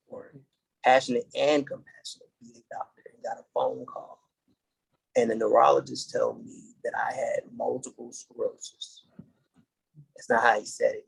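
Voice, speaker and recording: Gravelly-voiced man telling his story. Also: medium pitch, poor audio. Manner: earnest, halting, restarts dates. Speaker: podcast guest. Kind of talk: casual interview storytelling.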